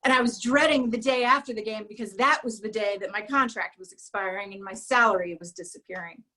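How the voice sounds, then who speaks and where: A woman giving a talk, telling a personal story in an emotional, halting way and dropping to a hush at the saddest parts. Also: medium pitch. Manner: emotional, halting, drops to a hush at sad moments. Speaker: speaker at a business event.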